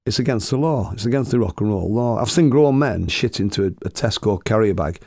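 A man with a gravelly voice telling a comic story, swearing and chuckling as he goes. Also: on the low side, animated, a little fast, warm tone, dry recording, studio quality. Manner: swearing, chuckling anecdotal delivery.

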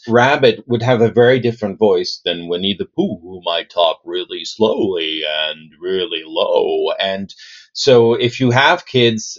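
A man who coaches people on voice and communication, answering in an interview in an animated, demonstrative way. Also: dull audio. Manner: animated, demonstrative, plays with his own pitch and pace.

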